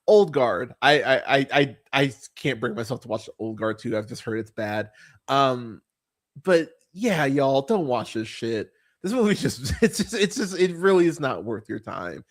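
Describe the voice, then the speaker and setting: Man, podcast host, casual movie chat, rambling, swears a lot, fillers and restarts, mid-pitched voice. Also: unhurried. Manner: animated when mocking characters.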